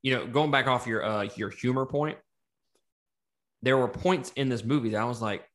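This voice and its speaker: A man co-hosting a casual movie review podcast, talking in an animated, profane way and laughing often. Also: medium pitch, normal speed. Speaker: podcast co-host.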